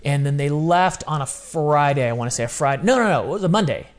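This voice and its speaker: A man in his thirties, a guest telling a personal story in casual chat, animated and full of slang. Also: a little high, fast. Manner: animated, casual slang, acts out quoted voices.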